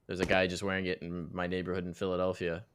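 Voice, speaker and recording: A man giving measured, analytical colour commentary on a headset. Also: deep voice, monotone, fairly bright tone, clear, resonant tone. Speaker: esports analyst. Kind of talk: color commentary.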